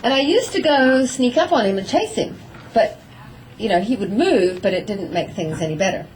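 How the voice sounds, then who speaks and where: Animated woman giving a horse training talk. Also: medium pitch, normal speed, a little hiss or hum, poor audio. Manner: animated, acting out voices of herself and her horse. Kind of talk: lively talk to a live audience.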